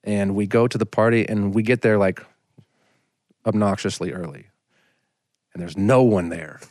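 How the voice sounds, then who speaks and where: A man in his thirties with a somewhat low voice tells a rambling story on a podcast and fills his sentences with "like". The sound is close and dry, with no room around it. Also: normal speed, darkish tone, dry recording. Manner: rambling, anecdotal, frequent "like" fillers. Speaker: singer-songwriter guest. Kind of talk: casual storytelling in a podcast interview.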